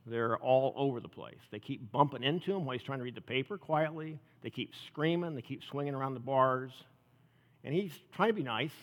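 Man preaching in a reverberant hall. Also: mid-range voice. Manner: conversational, rising and dropping to soft intensity. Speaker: pastor. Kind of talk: sermon.

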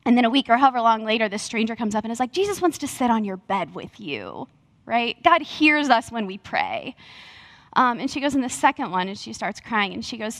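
A young woman preaching, telling a faith story with earnest, animated energy and acting out her own quotes. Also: fairly high pitch, brisk, dry recording. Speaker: speaker sharing testimony. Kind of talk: sermon-style storytelling.

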